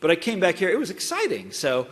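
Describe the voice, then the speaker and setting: A man's voice: high-pitched, huge pitch swings, fast talker, a bit bright. Wry middle-aged man lecturing in a hall. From Kansas. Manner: wry, conversational and digressive. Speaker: guest lecturer. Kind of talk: university public lecture. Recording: long reverb of a lecture hall.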